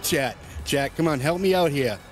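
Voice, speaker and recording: A man's voice: on the high side, lively intonation, normal speed, faint music behind. A man co-hosting a gameplay chat, teasing his partner and laughing often. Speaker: gaming co-host.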